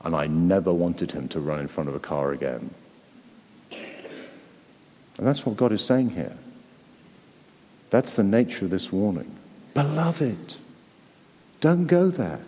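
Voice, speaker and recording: A man's voice: low voice, animated, measured pace, pauses often, warm tone, long reverb tail. A man preaching a sermon to a church congregation, earnest and pleading, often repeating words as he presses his point. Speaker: pastor.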